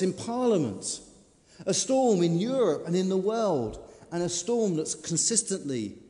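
In a sermon, a man preaches like a storyteller, dramatic and varied in emphasis, pressing hard on words and then easing off. His mellow voice sits a little higher than usual for a man. A long reverb makes it ring out as if in a big hall.

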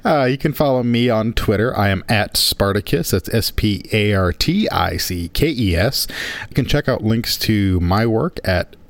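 Low, bouncy-voiced guy cohosting a podcast, wry and teasing, dry close sound. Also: lively intonation, normal speed, vocal fry, no echo. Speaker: podcast co-host. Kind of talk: casual chat.

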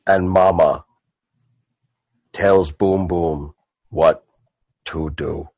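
Man doing a very low, slow half-orc who never blinks, third-person talker, dry mic. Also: steady tone, darkish tone, dry recording, full character voice, rough recording. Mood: solemn. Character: tall strange male half-orc, unblinking, childlike.

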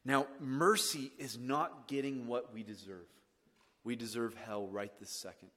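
A man preaching a sermon as pastor, swinging from hushed lines to loud, emphatic ones. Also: mid-range voice, steady tone, unhurried. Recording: long reverb of a church hall.

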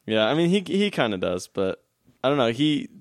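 A man's voice: medium pitch, very animated, normal speed. A young man hosting a podcast in casual chat, easygoing and encouraging, teasing his co-host with a laugh in his voice.

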